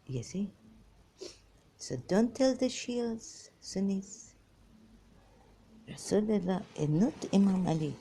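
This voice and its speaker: A woman's voice: on the low side, dark tone, slightly rough. A woman hosting a religious commentary monologue, rambling and emphatic, speaking non-native English and reading scripture passages aloud. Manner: emphatic, repetitive, swinging between muttering and exclaiming. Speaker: religious commentary channel host.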